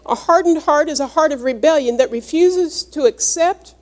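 A woman's voice: high voice, moderate pace. A woman preaching a sermon, reading scripture aloud and earnestly explaining its words to her congregation. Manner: earnest, teaching, explains each word.

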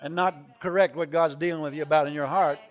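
The speaker is a middle-aged traveling preacher with a fairly high pitch and a steady tone. Moving at a quick pace, he tells a story in his sermon, going from hushed tones to shouting.

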